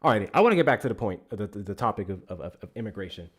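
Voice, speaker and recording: A man's voice: on the low side, sing-song, rapid-fire, breathy edge. A man hosting a live call-in politics stream, arguing bluntly with callers, swearing often and stumbling over repeated words.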